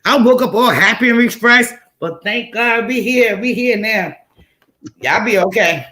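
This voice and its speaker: With a fairly high pitch and a measured pace, an animated woman hosts a casual chat and tells a story. Her delivery is bright and forceful, relying heavily on repetition to make every point land.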